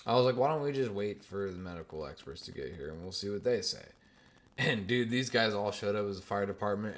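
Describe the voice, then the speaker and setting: A young man hosting his own podcast, telling a story in crude, animated casual chat and mocking other people's voices. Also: on the low side, fast talker. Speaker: podcast host.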